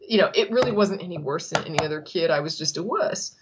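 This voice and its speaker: Laughing woman telling a lively story. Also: low-pitched, fast talker, background noise. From Texas. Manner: animated storyteller, laughs often, acts out quotes. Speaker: co-host. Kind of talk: casual chat. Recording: slightly dull lo-fi audio.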